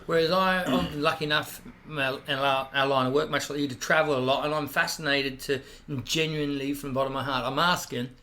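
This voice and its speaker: Aussie bloke telling wild stories, swears a lot, kinda high forceful voice. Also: male voice, brisk, hardly any pauses. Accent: Australian. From Australia. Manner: profane, animated anecdotes; loud bursts when acting out quotes. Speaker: guest comedian. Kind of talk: casual storytelling chat.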